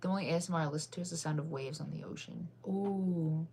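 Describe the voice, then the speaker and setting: A woman streamer chatting casually with her viewers, giggly and quick to get excited. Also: low voice, slightly rough. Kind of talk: casual livestream chat with viewers.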